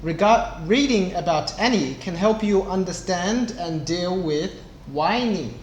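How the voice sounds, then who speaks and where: A young man who teaches English, reading a storybook aloud slowly and clearly to children. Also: high voice, expressive. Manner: slow and clear, with small voices for the book's characters. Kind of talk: slow read-aloud lesson for kids. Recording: echoey room, faint background noise.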